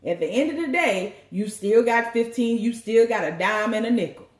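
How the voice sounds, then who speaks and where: Woman tarot reader, lively, preachy and joking, in a roomy echo. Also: a little high, moderate pace. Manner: animated, preachy, joking, profane. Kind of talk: tarot card reading.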